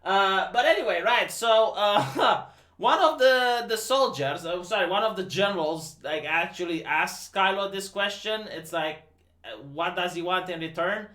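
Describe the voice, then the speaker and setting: Speaking unhurriedly, this Romanian man hosting a livestream sounds incredulous as he swears his way through an animated, casual rant about a film. His pitch swings widely in a bright voice, and the recording has a roomy echo.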